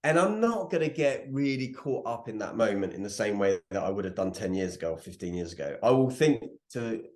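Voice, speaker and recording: Low-voiced man in a roomy space. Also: big pitch swings, a little fast, darkish tone. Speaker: podcast co-host. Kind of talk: casual chat. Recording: roomy echo.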